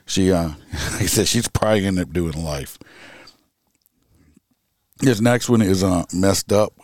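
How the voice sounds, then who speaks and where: Man, low voice, profane and rambling true crime host, close dry sound. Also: unhurried, a little mellow, dry recording. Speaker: podcast host and police officer. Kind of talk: casual true crime commentary.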